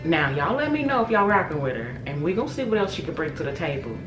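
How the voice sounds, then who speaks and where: Reaction vlogger, woman, low-pitched and exclamatory, talks straight to her viewers, roomy echo on the voice. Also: fast talker. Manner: excitable, exclaiming, addresses viewers as "y'all". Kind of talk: casual reaction commentary. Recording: echoey room with music playing.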